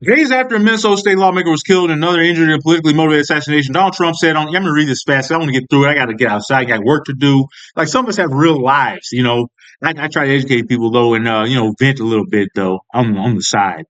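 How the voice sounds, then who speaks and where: A man's voice: a little high, very fast, fairly bright tone, dull audio. A man giving a heated, profane political rant as a video commentator, stumbling and restarting as he vents.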